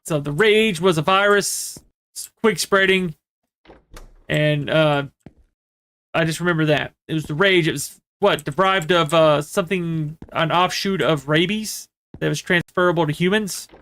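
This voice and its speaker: Male game streamer, slightly high pitch, chatty and meandering storyteller. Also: measured pace, a bit bright. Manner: rambling storyteller, many fillers and restarts. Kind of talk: casual chat while playing a horror game.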